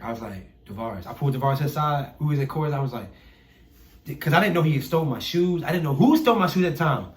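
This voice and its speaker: A young man telling a story in a casual chat, animated, swearing and acting out the people he quotes. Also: a little high, quick pace. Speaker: podcast guest, artist. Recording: roomy echo.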